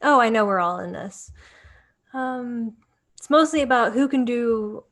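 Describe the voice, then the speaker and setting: A woman playing a tabletop game, speaking in a polite, measured, slightly hesitant way. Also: fairly high pitch, animated, a bit bright. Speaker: player. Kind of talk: in-character chat at a tabletop game.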